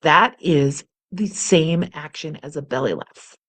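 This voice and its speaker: A woman who teaches singing leads a gentle somatic exercise lesson from her chair, speaking slowly with a somewhat low voice. She is playful, laughs easily, and shows each exercise with sounds of her own voice. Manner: playful, laughs often, demonstrates with vocal sounds. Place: seated in a chair at home studio, on camera.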